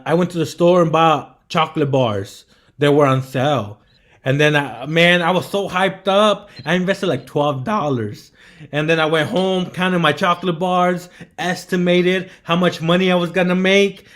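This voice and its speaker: A young man, the guest on a live stream, telling animated stories in casual chat, often saying bro and man. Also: a little high. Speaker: guest entrepreneur.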